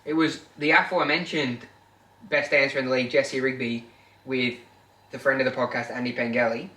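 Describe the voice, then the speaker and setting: A man's voice: medium pitch, brisk, distant mic. Man telling stories in an echoey room. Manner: animated storyteller, acts out quotes. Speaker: podcast co-host. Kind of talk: casual storytelling chat. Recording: echoey room, away from mic.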